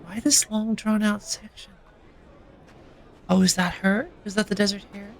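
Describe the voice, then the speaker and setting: A streamer giving casual, excitable commentary while playing a story game. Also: medium pitch, a little slow, creaky, slight background noise. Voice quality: excitable, chatty.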